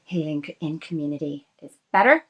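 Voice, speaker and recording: A woman's voice: low-pitched, expressive, brisk, a bit bright. Northern irish woman in her 40s, earnest and emphatic, actress chatting as a guest. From Northern Ireland. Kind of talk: casual interview chat.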